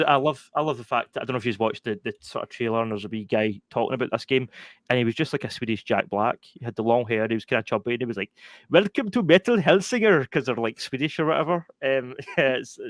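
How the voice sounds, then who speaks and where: A man's voice: mid-range voice, fast talker, a bit bright, no room sound, clean studio sound. A man, co-hosting a gaming podcast in casual chat, laughing often and talking with lots of fillers. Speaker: podcast co-host.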